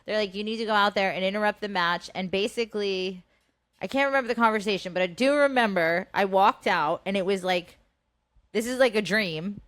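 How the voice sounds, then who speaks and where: A woman's voice: mid-range voice, a little fast, no room sound. A woman in her thirties co-hosting a podcast, telling a story casually with heavy swearing and acting out the voices of the people in it. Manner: animated, heavy swearing, acts out quoted voices. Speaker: podcast co-host.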